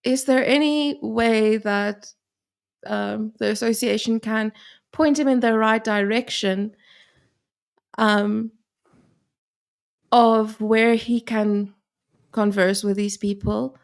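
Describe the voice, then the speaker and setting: A woman's voice: medium pitch, fairly even intonation, takes it slowly, gravelly, pauses often, a little mellow. A woman with an Afrikaans accent from South Africa, co-hosting a casual chat and telling stories with lots of laughs and quoted asides. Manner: giggly storytelling with quoted asides. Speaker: co-host.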